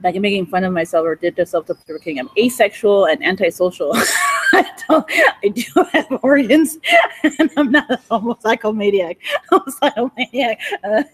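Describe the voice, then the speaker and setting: A woman's voice: medium pitch, moderate pace, breathy edge, rough recording. A woman in her forties talking in a rambling, profane monologue, often breaking into giggles. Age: 40s.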